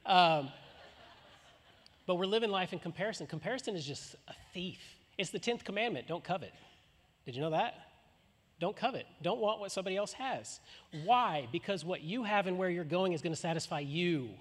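A man preaching a sermon in a fairly high voice, talking loosely and conversationally and throwing rhetorical questions at the crowd. His voice rings out through a large church hall with a long reverb. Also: a bit bright, a little hiss or hum. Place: church auditorium.

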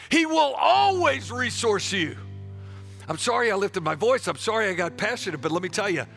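Fiery, gravelly-voiced preacher man. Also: a little high. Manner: preaching with rising shouts and call-and-response; joking asides to the congregation. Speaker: pastor. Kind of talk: passionate sermon.

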